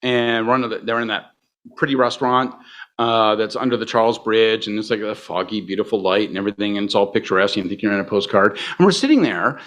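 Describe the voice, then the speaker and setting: A man's voice: lowish voice, fairly bright tone. A man telling a long story at a live podcast taping, wry, profane and self-mocking. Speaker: podcast co-host. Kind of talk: animated storytelling on stage. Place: live event on stage.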